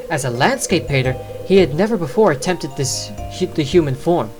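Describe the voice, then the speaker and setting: A formal, long-winded older novelist from a mystery game, lecturing with a lively rise and fall in a low voice, as a woman reads him out. He speaks at a measured, careful pace.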